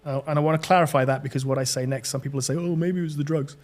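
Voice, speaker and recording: British male guest, middle-aged, slightly higher voice, earnest testimony with stumbles. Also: fairly even intonation. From Britain. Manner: earnest storytelling, halting restarts. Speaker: podcast guest. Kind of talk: personal testimony in an interview.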